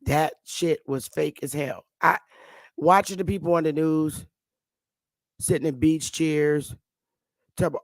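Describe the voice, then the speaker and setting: Slangy, mocking man with a higher voice. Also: fairly even intonation, unhurried, long pauses, no echo, studio quality. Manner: loose, mocking, slangy delivery with profanity; rambling, with restarts and asides. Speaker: online show host. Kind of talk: casual ranting commentary to viewers.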